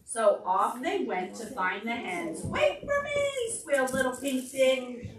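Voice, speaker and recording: A woman, a children's librarian, reading a picture book aloud at toddler storytime with lively sing-song emphasis. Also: on the high side, measured pace, a crowd in the background. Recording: echoey room, far mic, children chattering.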